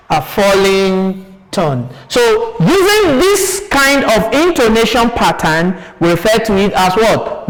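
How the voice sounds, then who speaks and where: A man with a Nigerian English accent teaching a televised primary school lesson, asking his pupils questions and then answering them in a sing-song teaching voice. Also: sits high. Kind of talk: classroom lesson on TV. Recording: long hall reverb.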